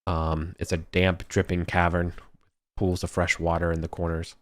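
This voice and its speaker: A man running a tabletop game as game master, describing caves slowly with many ums and uhs. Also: sits low, completely flat delivery, no room sound, studio quality. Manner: halting, many fillers.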